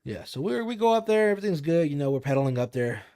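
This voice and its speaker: A man's voice: fairly high pitch, very animated, fast talker, warm tone. A young man on a podcast, telling a spooky story casually with lots of fillers and swearing. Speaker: podcast co-host.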